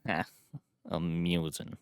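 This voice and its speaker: A man voicing a very posh, tradition-minded gentleman who sounds dry and unamused. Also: medium pitch, sing-song, unhurried, smooth, no room sound. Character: posh, tradition-bound gentleman, middle-aged.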